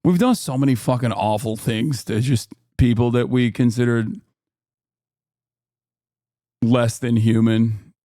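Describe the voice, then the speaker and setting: A man in his thirties streaming reaction commentary, animated and joking as he reads from his chat, on a close desk mic. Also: medium pitch, a little slow, long pauses, dry recording.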